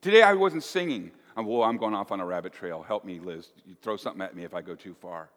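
A male pastor giving a folksy, animated sermon with playful asides to the congregation. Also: low voice, quick pace. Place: church. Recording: echoey church hall.

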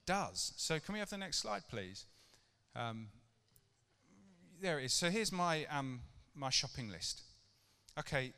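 A man's voice: medium pitch, animated, measured pace, pushed and bright, clear, resonant tone. A middle-aged man preaching a casual sermon to his church, chatty and conversational, with rhetorical questions to the congregation. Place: church hall. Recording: long reverb of a church hall.

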